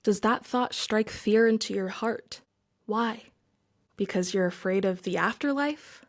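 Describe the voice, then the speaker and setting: Earnest woman podcast host, reflective talk, whispers for emphasis. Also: mid-range voice. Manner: earnest, with whispered emphasis and slow dramatic pauses. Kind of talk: reflective monologue.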